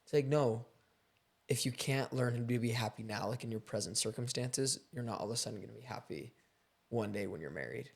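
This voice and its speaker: A man's voice: medium pitch, fairly quick, gravelly, slightly rough. A man hosting a casual conversation, sharing his views in an earnest, reflective way and often saying "like.". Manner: earnest, reflective, says "like" a lot.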